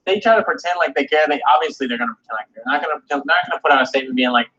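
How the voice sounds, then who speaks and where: A man with a husky, slightly high voice rants about games, swearing freely and tripping over his words as he goes. He sounds animated and worked up. The audio is dull and lo-fi. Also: racing. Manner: animated, cursing, repeats himself and mimics others. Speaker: video game commentator. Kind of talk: profane rant.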